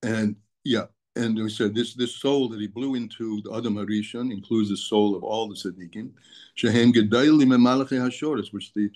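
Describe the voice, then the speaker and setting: A man's voice: lowish voice, a little mellow. A man teaching a daily text lesson, explaining patiently, restating his terms, and using for the terms he quotes. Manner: explanatory, repeats and restates terms, mixes Hebrew terms into English. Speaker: Torah teacher.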